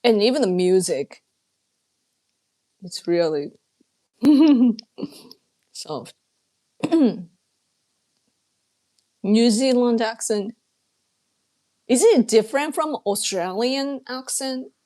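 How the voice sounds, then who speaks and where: Woman streaming, talks slow and easy, dry throat, keeps clearing it. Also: fairly high pitch, lively intonation, dark tone. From Japan. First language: Japanese. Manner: chatty, laughs often, clears throat a lot. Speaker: livestreamer reading chat. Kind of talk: casual live-stream chat.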